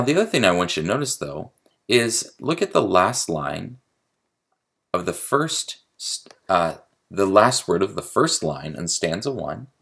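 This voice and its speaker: Low gravelly man lecturing on poetry. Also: fairly bright tone. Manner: explains poetry step by step, tapping out meter aloud. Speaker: creative writing lecturer. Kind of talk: recorded video lecture.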